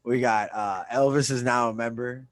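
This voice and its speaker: A man's voice: medium pitch, fairly even intonation, normal speed, a crowd in the background. Joking, profane podcast co-host man. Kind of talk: casual chat.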